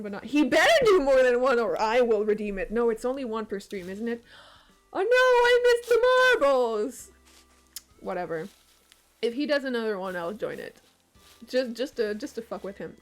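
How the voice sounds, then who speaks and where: A young woman chatting casually on a game stream, excitable and swearing, with frequent laughs. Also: on the high side. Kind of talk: casual live-stream chat while gaming.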